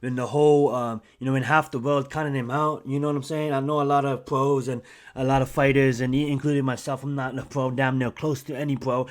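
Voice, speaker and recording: A young man hosting his own channel, chatting casually and excitedly about a fight, rambling with lots of fillers and restarts. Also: mid-range voice, a little fast. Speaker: YouTube channel host. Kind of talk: casual fight commentary vlog.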